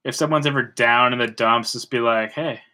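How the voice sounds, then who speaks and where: A man's voice: medium pitch, fairly even intonation, brisk, pushed and bright, smooth. A man in a casual podcast chat, making joking asides.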